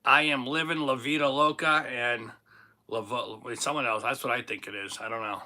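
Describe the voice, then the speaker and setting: Bright, chatty Boston-accented man. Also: medium pitch, steady tone, normal speed. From Boston, Massachusetts. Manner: jokey, chatty, self-teasing. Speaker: livestream host. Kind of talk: casual livestream chat reading viewer comments.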